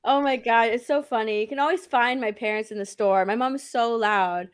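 A soft-spoken woman co-hosting a gaming stream, chatting casually and quick to agree. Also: on the high side, clear, resonant tone. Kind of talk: casual chat.

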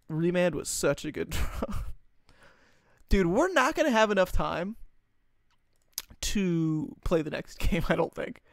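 Creaky-voiced young man streaming a card game. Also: sits high, no room sound, clean studio sound. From United States. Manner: chatty, joking, laughs often, answers chat. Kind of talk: casual live-stream gameplay commentary.

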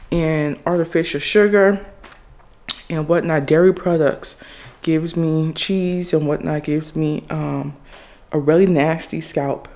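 A woman's voice: low voice, warm tone, a little hiss or hum. A middle-aged woman vlogging at home in her kitchen, chatting casually to her viewers and addressing them directly. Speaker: family vlogger. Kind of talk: casual chat to camera.

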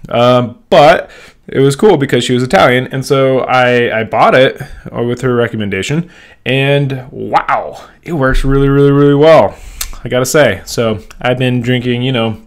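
A man talks straight to his viewers in a loose, rambling home vlog. He is buzzing on caffeine, excitable and quick to jump between thoughts. His voice sits at an everyday middle pitch. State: wired on caffeine. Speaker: vlogger.

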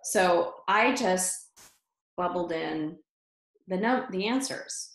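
A middle-aged woman, a guest in an interview, telling a personal story in an animated way, laughing often and restarting her sentences. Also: on the low side, slow pace. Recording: roomy echo.

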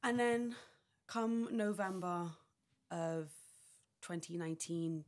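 A woman's voice: lowish voice, moderate pace, darkish tone. A young woman on a podcast, telling a personal story in a rambling way, full of "like" and acted-out quotes. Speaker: podcast guest.

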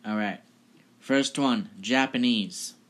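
A medium-pitched man takes his time hosting a casual vlog, introducing each clip chattily and offhandedly. He laughs at the results as he goes.

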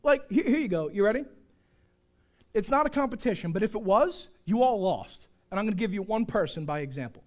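A male pastor delivering a joking, animated sermon, swinging from shouts to hushed asides. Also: high-pitched, brisk. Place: church sanctuary.

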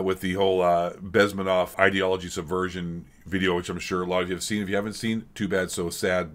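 A man's voice: on the low side, fairly bright tone. A man hosting a reaction video, ranting in a sarcastic, rambling and crude way. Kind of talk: casual rant commentary.

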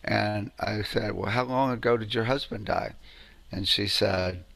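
A man's voice: fairly low pitch, a little slow, creaky, a bit bright, dry recording. A man giving an informal lecture on sound healing, telling stories in a conversational way and often asking "right?".

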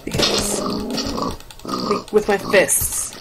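A woman's voice: mid-range voice, wildly swooping pitch, very slow, gravelly. A young woman hosting a casual gameplay video, rambling, joking and giggling as she plays at home. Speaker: gaming video host. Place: home room. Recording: noisy home recording.

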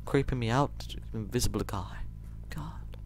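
A man giving rambling let's play commentary, jumpy and quick to shriek when startled. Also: on the low side, a little hiss or hum.

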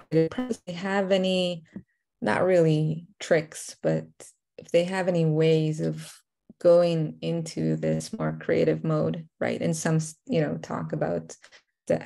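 A woman's voice: low voice, vocal fry, mellow. A woman interviewer asking questions hesitantly, with many fillers. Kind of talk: conversational interview.

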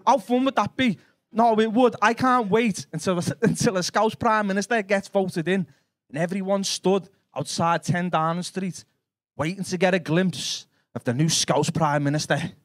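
A man's voice: high-pitched, normal speed, no room sound, studio quality. A man with a Liverpool accent doing live stand-up comedy. He swears and banters brashly with the crowd.

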